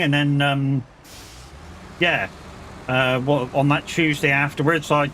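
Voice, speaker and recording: Sweary English streamer bantering with chat. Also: male voice, on the high side, fairly bright tone, a little hiss or hum. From England. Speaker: live streamer. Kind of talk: casual chat while gaming.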